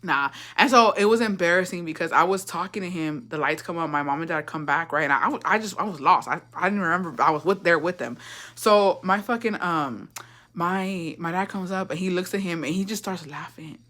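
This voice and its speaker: A woman's voice: fairly low pitch, a little fast, fairly bright tone. A young woman telling a story in a casual, rambling way, swearing a lot and slipping into Spanish. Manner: profane, rambling, switches into Spanish. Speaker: vlogger.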